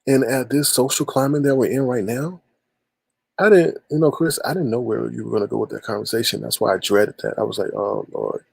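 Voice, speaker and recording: A man's voice: medium pitch, brisk, gravelly, darkish tone, slightly rough, no room sound. A man hosting a casual livestream, talking with callers and addressing his chat by name, often repeating himself. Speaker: livestream host.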